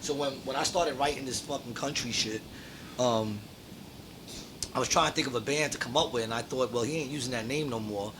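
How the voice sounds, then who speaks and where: A man co-hosting a podcast, rambling through band stories in casual chat, with laughs along the way. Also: a little fast. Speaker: podcast co-host. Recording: noisy room recording with rumble.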